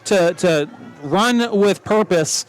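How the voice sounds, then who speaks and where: A man calling a live high school football game play by play, quick and joking as he corrects himself. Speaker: play-by-play announcer.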